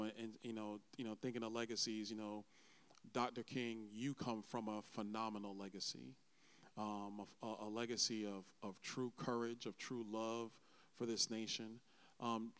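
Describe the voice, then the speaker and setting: A man's voice: lowish voice, fairly bright tone, clear, resonant tone. A man in his forties hosting a church event, telling his personal testimony in a conversational way and acting out the voices of people he quotes. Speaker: event host and interviewer.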